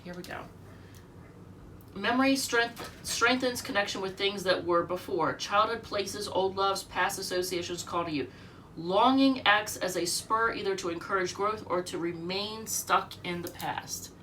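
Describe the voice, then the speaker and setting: A woman's voice: mid-range voice, moderate pace, sharp tone, distant mic, a little hiss or hum. A sick, short-of-breath woman giving a rambling, chatty tarot reading at home, reading the card meanings aloud. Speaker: tarot reader.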